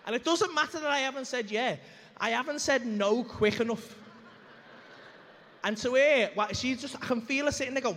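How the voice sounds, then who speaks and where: A comedian rattles through a story at speed on a club stage, his voice pitched high and full of swearing. He jumps in and out of the voices of the people in his tale. A faint room hum and long reverb from the venue trail behind him. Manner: animated, sweary, acts out quoted voices. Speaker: stand-up comedian. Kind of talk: stand-up storytelling.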